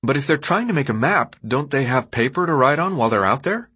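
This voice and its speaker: A man's voice: mid-range voice, animated, fairly quick, bright, forceful tone, breathy edge, pitched above the performer's own voice. A man voicing a confused, curious teenage boy in an audiobook reading, asking one earnest question after another.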